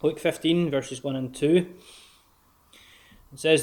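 Guy preaching in a gospel hall, bit higher voice, earnest, talks right at you. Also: steady tone, a little mellow. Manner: earnest, direct address to the listener, slow emphatic scripture reading. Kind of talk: sermon.

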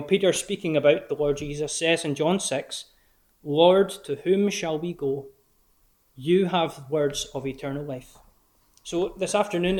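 A man preaches in a gospel hall, his voice sitting a touch high for a man. He speaks earnestly and directly to the listener. He slows down to read scripture with weight. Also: a little mellow. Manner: earnest, direct address to the listener, slow emphatic scripture reading. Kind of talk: sermon.

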